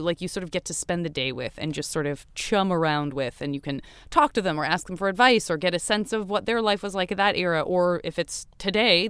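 A woman hosting a podcast interview, chatty and playful, quick to laugh. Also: lowish voice, clear, resonant tone, no echo, studio quality. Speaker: podcast host. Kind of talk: casual interview chat.

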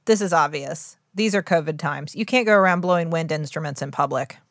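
A woman's voice: low-pitched, no room sound, clean studio sound. Chatty playful woman co-host. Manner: chatty, playful, quick to laugh along. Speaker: podcast co-host. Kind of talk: casual comedic chat.

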